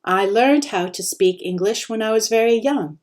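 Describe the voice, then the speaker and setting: A teacher reading the first chapter of a children's novel aloud, with expressive storytelling. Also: female voice, fairly high pitch, moderate pace. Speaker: teacher sharing books.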